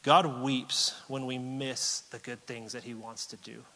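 A man's voice: mid-range voice, flat delivery, a little slow, bright, forceful tone. A man preaching an earnest, conversational sermon as a pastor, often checking in with "right?", and then leading a closing prayer. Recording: long hall reverb.

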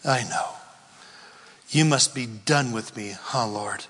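A man's voice: medium pitch, takes it slowly, a bit bright, breathy edge, long reverb tail. A man voicing the apostle Peter as an ashamed grown man, sheepishly confessing.

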